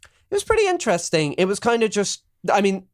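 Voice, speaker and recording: A man's voice: sits high, huge pitch swings, brisk. A young English man chatting casually as a podcast co-host, sardonic and rambling, with many fillers and restarts. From England. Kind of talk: casual political chat.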